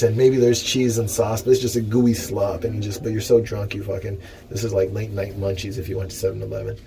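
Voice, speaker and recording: A man's voice: on the low side, gravelly. A young man rambling profanely as he reads aloud from a book and adds jokey asides. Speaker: vlogger reading and commenting on a book. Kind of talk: rambling casual commentary. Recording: noisy background ambience.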